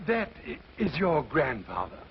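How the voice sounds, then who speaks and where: A formal, fussy young husband, 1950s TV drama style. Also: male voice, fairly high pitch, wildly swooping pitch, measured pace, vocal fry, a little hiss or hum, heavily acted. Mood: stiff. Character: stiff, proper young husband. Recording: dull lo-fi 1950s film sound.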